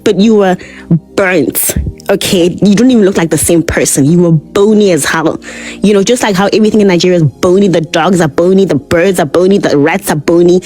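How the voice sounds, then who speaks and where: A woman tears into her targets in a scornful rant, her voice pitched in an ordinary middle range. She leans on "like" as filler as she throws out insults. Soft music plays faintly behind her. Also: rough recording. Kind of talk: heated online rant.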